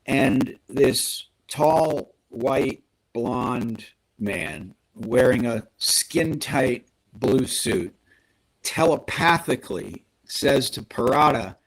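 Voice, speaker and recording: Man, husky voice, mid pitch, animated podcast storyteller, acts out quotes. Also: extremely slow, low-quality recording. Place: podcast studio.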